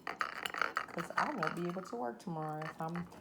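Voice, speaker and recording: A woman's voice: on the low side, normal speed, gravelly, heavy background noise. A woman with a Southern US accent hosting a casual cooking video, chatting to viewers as she works. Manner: chatty, addresses viewers as y'all. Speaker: cooking channel host.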